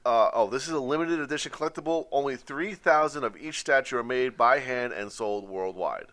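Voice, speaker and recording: A man's voice: mid-range voice, fairly quick, a bit bright. A man co-hosting a music podcast, chatting casually and reading out news items. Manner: reads news items aloud, laughs easily. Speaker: podcast co-host. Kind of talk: casual chat.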